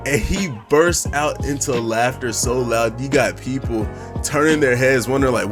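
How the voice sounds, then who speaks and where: A young adult man narrating a comedic storytime in a lively, exaggerated, slangy way, throwing in mouth sound effects. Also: mid-range voice, normal speed, music in the background. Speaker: storytime YouTuber.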